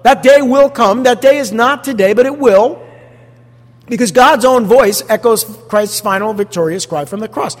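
A man preaching a sermon as pastor, animated and full of rhetorical questions to the congregation. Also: very high voice, moderate pace, in a large hall.

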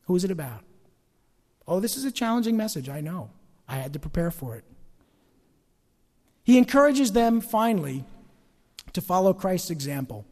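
A pastor preaching a sermon, swinging between loud emphatic lines and quiet asides. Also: male voice, high-pitched, big pitch swings, fairly quick, long pauses, big-room sound.

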